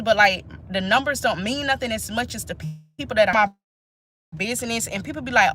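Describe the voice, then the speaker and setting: A woman's voice: medium pitch, a little fast, pushed and bright, a little hiss or hum. A woman, chatting casually and emphatically to her viewers during a live stream. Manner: chatty, emphatic, talks straight to viewers as "y'all". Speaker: nurse and channel host.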